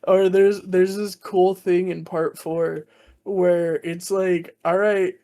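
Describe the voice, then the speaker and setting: An animated podcast host telling anime scenes in casual chat. This host laughs a lot and slips into acted-out lines, with a voice at an everyday pitch. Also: slow pace. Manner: animated storyteller, laughs often, acts out scenes.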